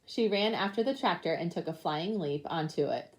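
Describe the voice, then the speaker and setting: A young woman teacher reading a picture book aloud to her class, with lively animal sounds. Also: fairly low pitch, moderate pace.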